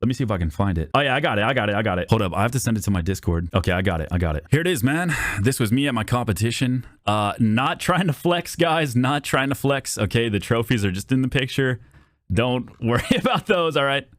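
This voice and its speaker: A man streaming from home, telling a story in a casual, profane and animated way, often jumping up into high-pitched outbursts. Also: fast talker, dry recording. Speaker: VTuber streamer.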